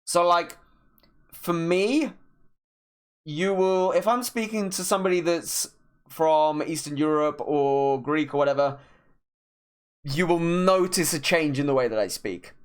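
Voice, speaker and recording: A male art streamer chats as he paints, talking slowly with deliberate pauses between thoughts. He rambles a bit, with plenty of restarts mid-sentence. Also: on the high side, smooth. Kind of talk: casual chat while painting on stream.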